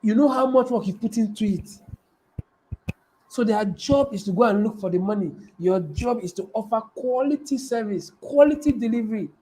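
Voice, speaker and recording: A man coaching his viewers on business in a high-pitched voice. He hammers points home by repeating phrases and throwing questions at the audience. His delivery is emphatic and conversational. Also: expressive, normal speed, mellow, slightly rough, rough recording. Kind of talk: live-streamed motivational talk.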